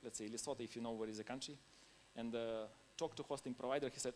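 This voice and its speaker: A man speaking at a conference in his non-native English shares informal anecdotes and laughs between points. He talks a little fast at a medium pitch, and there is light background noise.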